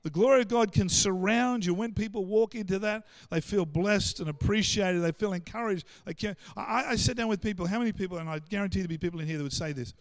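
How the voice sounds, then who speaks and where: Animated high-voiced Australian male pastor. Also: fast talker, hardly any pauses, no echo. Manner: animated, acts out quoted voices, stammered restarts. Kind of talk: sermon.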